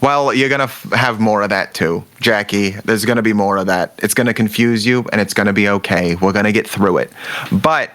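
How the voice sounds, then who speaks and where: A man's voice: on the low side, a little fast, a bit bright. A man co-hosting a podcast, chatting casually and explaining in an easygoing way. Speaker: podcast co-host. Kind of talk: casual chat.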